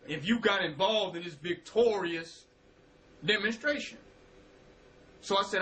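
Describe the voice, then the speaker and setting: A man speaks with a high, bright, cutting voice, delivering a motivational spiritual talk in loose street slang. He quotes his own words, repeats phrases for weight and drops from forceful lines into hushed ones. A faint hiss runs under the recording. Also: unhurried, long pauses, low-quality recording. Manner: preacherly, quotes himself, repeats phrases, swings from loud to hushed; casual street slang, curses.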